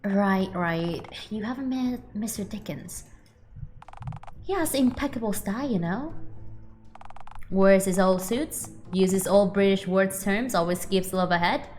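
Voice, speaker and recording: A woman's voice: mid-range voice, measured pace, darkish tone, a little hiss or hum, natural voice. A woman reading the lines of a laid-back young man who talks in old-fashioned hip slang in a game. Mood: easygoing.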